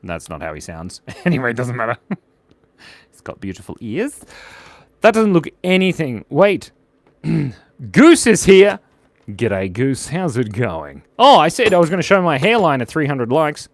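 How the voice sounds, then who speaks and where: On a dry recording, a young drawing livestream host with a slightly high voice speaks unhurriedly, his pitch swinging hugely. He keeps the casual drawing chat playful, giggling and reading out comments from viewers.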